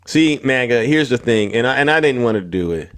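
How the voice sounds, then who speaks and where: A man running a political livestream with a confrontational, preachy manner. He repeats phrases, climbs in pitch on emphatic lines and calls viewers out one by one. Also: lively intonation, fairly quick, fairly bright tone. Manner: confrontational, repetitive, calling out viewers by name. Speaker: livestream host.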